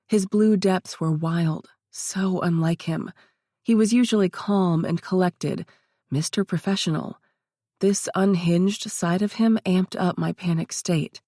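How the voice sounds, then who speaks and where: A woman narrating a first-person audiobook in a steady, even reading voice. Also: fairly low pitch, no room sound, studio quality.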